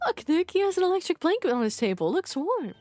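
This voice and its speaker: A woman's voice: very high voice, very animated, quick pace, a little mellow, no room sound, soft background music, pitched above the performer's own voice. A woman voicing a cheerful, bubbly young female assistant, in a perky, raised voice.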